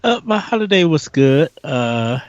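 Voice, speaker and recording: A man co-hosting a casual podcast, a little stuffy from a cold, talking in an excitable, repetitive way. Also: a little high, measured pace, no echo, lo-fi sound. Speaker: podcast co-host.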